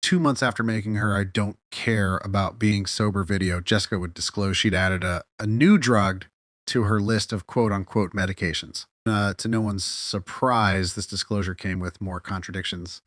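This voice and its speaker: A man with a fairly low voice delivers a scripted commentary voice-over, critical and measured, dropping an occasional "uh". His close-mic recording is dry and free of room sound. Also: a bit bright, dry recording. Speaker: commentary video narrator.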